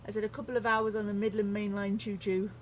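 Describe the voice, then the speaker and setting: A middle-aged English woman co-hosting a radio show in casual banter, blunt and quick to swear. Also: medium pitch, flat delivery, a little hiss or hum. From England. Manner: blunt, swears freely, laughs often.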